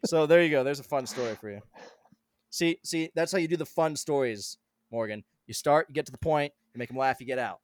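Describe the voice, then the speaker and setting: A man co-hosting a podcast, telling a story in casual chat, animated and swearing freely. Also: mid-range voice, a little fast, no room sound, studio quality. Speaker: podcast co-host.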